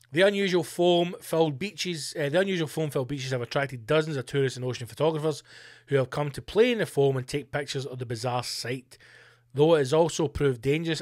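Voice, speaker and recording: A man's voice: medium pitch, dry recording, studio quality. A man hosting a casual comedy podcast, swearing freely and joking as he reads a news story aloud. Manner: sweary, jokey banter while reading a news story aloud. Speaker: podcast host. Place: home studio.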